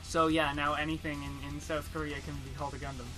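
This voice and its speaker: A young man co-hosting a let's play, excitable, with loud outbursts and frequent laughter. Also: a little high, fast, faint music behind. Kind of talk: casual gaming commentary.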